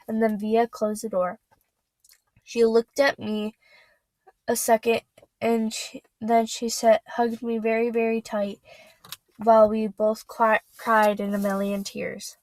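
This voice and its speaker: A woman reading a novel aloud, halting and stumbling over words as she goes. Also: on the high side, little pitch movement, dry recording, rough recording. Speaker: reader.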